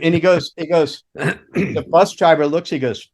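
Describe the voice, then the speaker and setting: A man's voice: fairly high pitch, steady tone, normal speed, creaky, slightly rough. An older man, a former roadie, telling rambling, profane road stories in casual chat, laughing and acting out quotes. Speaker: guest, former rock roadie.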